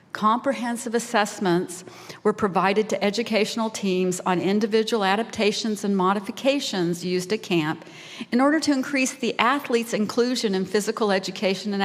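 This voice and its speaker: A woman in her sixties giving a heartfelt prepared speech as a volunteer at a fundraising lunch. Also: medium pitch. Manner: heartfelt, emotional, tearing up at times. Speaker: volunteer speaker. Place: large banquet hall. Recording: reverberant hall PA.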